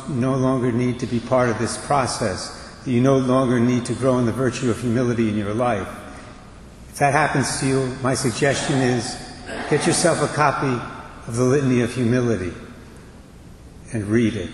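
A priest preaches a homily in a measured, deliberate way, leaving pauses between his phrases. His voice rings through a church with a long reverb, and a faint background hiss sits underneath. He is speaking into a pulpit microphone. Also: medium pitch, fairly even intonation.

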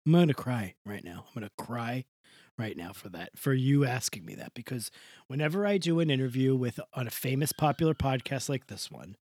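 Man doing a bawdy old woman, crude rambling gossip, lively swooping pitch, dry close sound. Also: normal speed, no room sound, close to an everyday voice. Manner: crude, rambling, playful improvised bits. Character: bawdy elderly woman playing a famous ex-wife, gossipy, crude. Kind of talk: improvised comedy bit.

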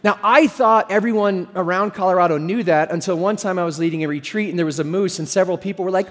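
A middle-aged man delivers a sermon in a relaxed, joking storyteller's manner, his voice sitting a little high for a man. The sound rings with a long reverb from the church hall he is preaching in. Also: fast, few pauses. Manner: conversational storytelling with humor. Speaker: pastor.

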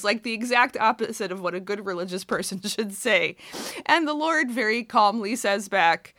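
Bright-voiced laughing young woman. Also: mid-range voice, dry recording, studio quality. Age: young adult. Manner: animated retelling, laughing often, acts out quotes. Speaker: co-host. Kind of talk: casual chat about scripture.

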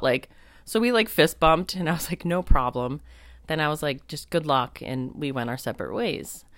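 A woman's voice: low voice, dry recording, clean studio sound. A woman hosting her podcast, telling a story in a chatty, reflective way full of "like" fillers. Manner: reflective, spiritual. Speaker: podcast host. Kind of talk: casual storytelling monologue.

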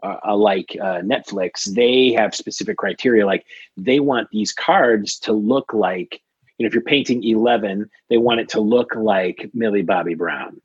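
A trading card artist appears as a guest on a casual podcast, explaining his freelance work with lots of fillers and restarts. His voice is lowish with a breathy edge at a moderate pace, and the recording is muffled but free of echo.

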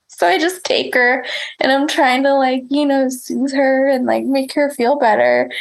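A woman's voice: high voice, animated, normal speed, gravelly, low-quality recording. A woman telling a story in casual chat, laughing often, swearing and rambling with lots of fillers.

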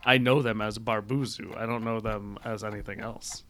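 A man's voice: on the low side, steady tone, moderate pace, a bit bright, a little hiss or hum. A man playing a trivia game with friends, rambling through his reasoning with dry sarcasm. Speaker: quiz contestant. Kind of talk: casual game chat.

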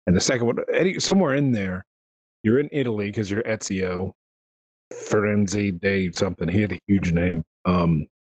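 A man hosting a casual gaming podcast, telling rambling, animated stories. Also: on the low side, slightly rough, poor audio. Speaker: podcast host.

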